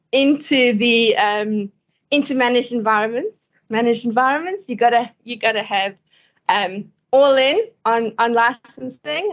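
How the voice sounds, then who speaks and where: Woman giving a conference talk, higher voice, chatty, muffled lo-fi sound. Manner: conversational, laughs often between points. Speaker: conference speaker.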